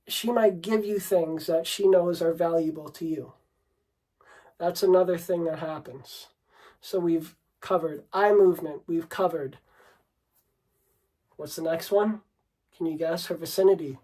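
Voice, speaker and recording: A man's voice: sits high, a little mellow, low-quality recording. A man coaching on dating, talking unscripted to the camera in a brash, swearing, rambling way, and calling the listener bro and dude.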